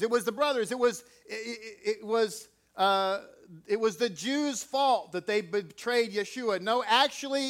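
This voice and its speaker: Male preacher, high voice, emphatic, peppers the sermon with rhetorical questions. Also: moderate pace, hardly any pauses, fairly bright tone.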